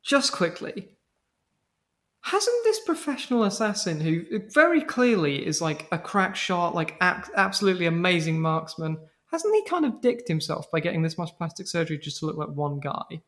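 A podcast co-host in casual chat, animated and full of fillers and swearing. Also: mid-range voice, moderate pace.

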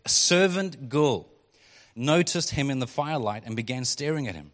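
A male pastor preaching a sermon in a relaxed, conversational way, reading scripture and breaking into quick acted quotes. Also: medium pitch. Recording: long hall reverb.

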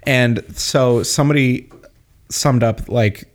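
A man's voice: mid-range voice, slow pace. A man chatting casually, rambling and swearing freely, often laughing as he explains things. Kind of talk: casual chat.

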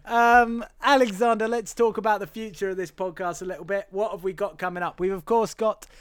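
Male podcast host, slightly high, resonant voice, dry room, wry and giggly. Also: steady tone, brisk, fairly bright tone, clean tone, no room sound. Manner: wry, laughs often, rambling asides. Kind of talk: casual film podcast chat.

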